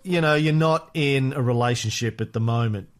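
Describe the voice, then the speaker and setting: A man's voice: mid-range voice, normal speed. Cheeky man co-hosting a podcast. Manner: cheeky, teasing and profane. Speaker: podcast co-host. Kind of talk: casual podcast banter.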